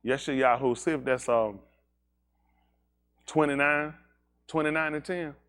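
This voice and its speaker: A man's voice: on the high side, steady tone, a little slow, a bit bright, clean tone. A man leading a congregation in an emphatic teaching sermon, firing rhetorical questions at the room. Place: synagogue service.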